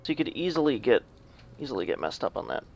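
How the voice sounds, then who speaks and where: A man co-casting a video game match, chatty and gossipy, with a gravelly edge. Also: mid-range voice, big pitch swings, fast talker. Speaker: esports co-caster. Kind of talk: casual game commentary.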